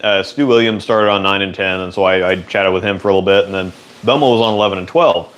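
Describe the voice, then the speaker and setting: A man hosting a relaxed, rambling chat in a workshop, answering viewer questions. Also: sits low, fast, a little hiss or hum. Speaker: host. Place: indoor workshop.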